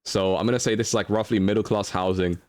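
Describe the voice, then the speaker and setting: A man's voice: lowish voice, steady tone, fast talker, dry recording. A young man streaming live, chatting casually as he thinks aloud through a guessing game and answers his chat.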